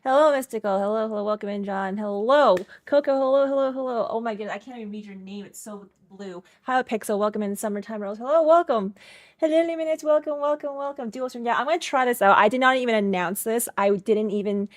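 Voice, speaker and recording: A chatty woman streamer talks casually into a desk mic, rambling and greeting her viewers one by one. Her voice sits at an ordinary middle pitch. The sound is dry and close, with no room echo. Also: fast talker. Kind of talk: casual live-stream chat.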